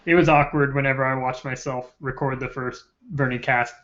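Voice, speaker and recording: A man's voice: medium pitch, fairly even intonation, brisk, a bit bright. A man hosting a casual live-stream chat, eager and rambling, often trailing off mid-thought. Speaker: host of a political web show. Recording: dull lo-fi live-stream audio.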